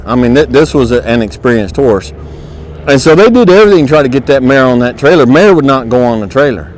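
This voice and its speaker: A man's voice: mid-range voice, low-quality recording. Folksy man teaching horse handling outdoors. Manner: folksy, plain-spoken, direct teaching; coaxes the horse softly while working. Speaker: horse trainer and instructor. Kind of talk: hands-on instructional video.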